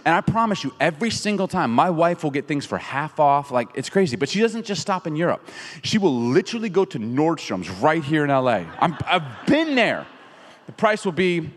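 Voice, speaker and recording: A middle-aged man preaching a sermon in an animated, conversational way, acting out quotes as he goes. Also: a little high, normal speed. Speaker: pastor. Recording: reverberant hall.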